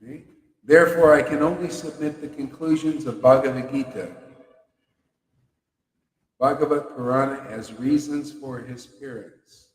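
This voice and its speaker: A man's voice: mid-range voice, fairly even intonation, measured pace, pauses often. A man giving a fervent, playful devotional talk, laughing often. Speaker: devotional speaker. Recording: roomy hall reverb.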